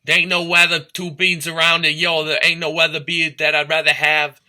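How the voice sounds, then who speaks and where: A man's voice: fairly high pitch, flat delivery, normal speed, pushed and bright. A man from St. Louis talking in a rambling, profane, stream-of-consciousness monologue that drifts between topics and into freestyle rhymes. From St. Louis, Missouri.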